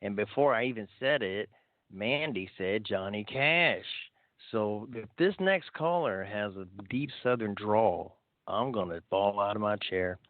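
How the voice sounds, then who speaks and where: A man's voice: fairly low pitch, animated, measured pace, no echo. Joking man hosting call-in radio. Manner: playful, joking. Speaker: radio host. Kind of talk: casual chat. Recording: tinny phone-like call-in radio.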